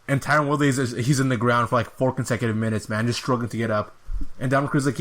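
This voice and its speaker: A man's voice: mid-range voice, fairly even intonation, very fast, fairly bright tone. A man hosting a podcast, giving a casual, rambling fight review with an exasperated tone and lots of filler words. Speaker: podcast host.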